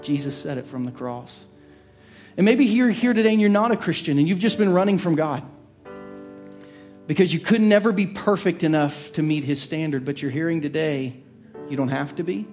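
A man preaching from the pulpit, earnest and heartfelt, his voice sitting a touch higher than most men's. He often drops into a hushed, soft tone. A faint instrumental bed plays quietly underneath. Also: moderate pace, soft background music. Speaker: pastor. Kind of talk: sermon with personal story.

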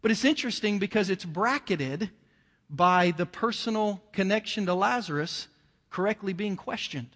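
A man preaching a sermon with a fairly high voice, talking to the congregation like a conversation and pushing up into emotional emphasis. His voice rings out with a long reverb trailing behind it. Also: animated, normal speed, fairly bright tone.

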